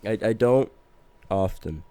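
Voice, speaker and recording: Male podcast guest, lower register, loose rambling storyteller who laughs at himself. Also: expressive, takes it slowly, dark tone, smooth. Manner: rambling, self-mocking, laughs through his words. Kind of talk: casual storytelling chat.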